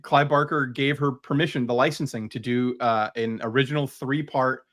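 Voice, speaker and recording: Regular guy gushing about his collection, lots of ums and restarts, mid pitch. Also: steady tone, normal speed, a bit bright. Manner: enthusiastic, rambling with fillers. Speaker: guest comic creator showing his collection. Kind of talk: casual video chat.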